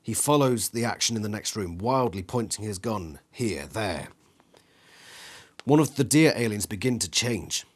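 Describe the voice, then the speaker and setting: A man reading an interactive gamebook aloud in an animated way, acting out the sound effects with his voice. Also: lowish voice, moderate pace. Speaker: reader.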